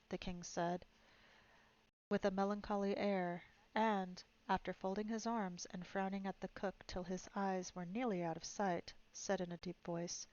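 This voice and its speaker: A woman's voice: mid-range voice, flat delivery, a little slow, darkish tone. A woman streamer reading a storybook aloud, narrating steadily and expressively. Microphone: streaming mic. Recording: dull lo-fi stream audio.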